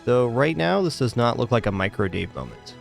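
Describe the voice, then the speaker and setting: A man streaming a game, giving casual commentary and weighing his choices out loud. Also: mid-range voice, big pitch swings, a little fast, vocal fry, soft background music. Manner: thinks aloud, weighing choices.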